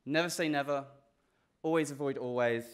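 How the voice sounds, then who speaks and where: Young man, British accent, graduation speech, earnest, self-deprecating humor, restarts, mid-pitched voice. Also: normal speed, a little hiss or hum. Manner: restarts and repeats words. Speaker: graduating student speaker. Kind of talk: class day speech.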